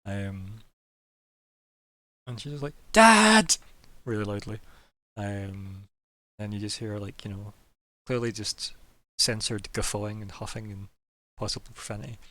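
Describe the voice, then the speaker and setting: A man's voice: on the low side, little pitch movement, normal speed, a bit bright. A man running a tabletop game as game master, describing scenes loosely with lots of fillers. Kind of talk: casual tabletop game narration.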